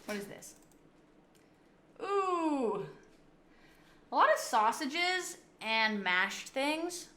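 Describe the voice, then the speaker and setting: Bright-voiced chatty woman streamer. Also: high voice, very animated, very slow, long pauses, roomy sound. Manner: chatty, rambling reactions. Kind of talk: casual livestream chat.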